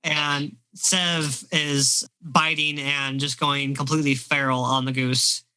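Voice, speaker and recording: A man running a tabletop game as game master, describing scenes in a relaxed storytelling way. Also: a little high, slow, clear, resonant tone, low-quality recording.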